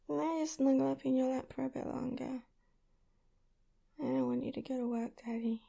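A woman's voice: high-pitched, steady tone, brisk, gravelly, long pauses, dark tone. A young adult woman performing an adult audio role-play, pleading and breathless, sometimes dropping to a whisper.

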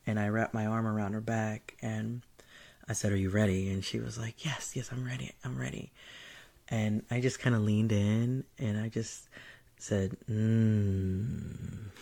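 Guy telling a wild story super casually, acts out all the voices, laughs a lot, medium pitch. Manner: animated, laughing, swearing, acting out quoted voices. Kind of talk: casual anecdote.

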